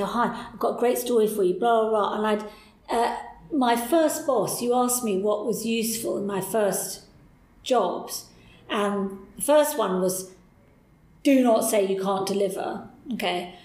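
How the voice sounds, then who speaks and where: A woman guest telling stories from her career in a lively, animated way. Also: on the high side, echoey room, low-quality recording. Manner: lively, animated storyteller, voices people in quotes. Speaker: podcast guest. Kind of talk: candid interview storytelling.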